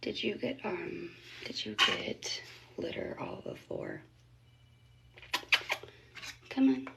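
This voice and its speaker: A woman's voice: fairly low pitch, huge pitch swings, unhurried, gravelly. A woman vlogging casually, often dropping to a whisper and cooing to cats in a sing-song voice. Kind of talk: casual vlog talk. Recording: noisy amateur recording.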